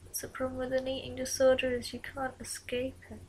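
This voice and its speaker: A young woman in a confessional vlog, talking in a soft, halting whisper at night in her bedroom. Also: sits high, completely flat delivery, a little hiss or hum, rough recording. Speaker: vlogger.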